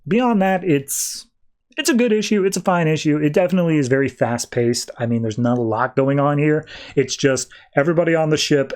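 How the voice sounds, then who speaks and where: A man's voice: fairly high pitch, a little mellow. Chatty man reviewing comics. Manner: chatty, retells plots with quick voices. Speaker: podcast host. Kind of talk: casual comic book review.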